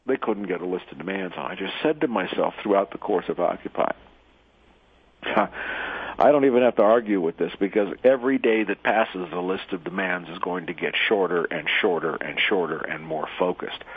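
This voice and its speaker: A man with a husky, low voice talks in a halting, restart-heavy way, full of fillers and asides. He comes through a tinny, phone-like radio line. He tells a teaching story and then muses aloud. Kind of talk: monologue commentary with a parable.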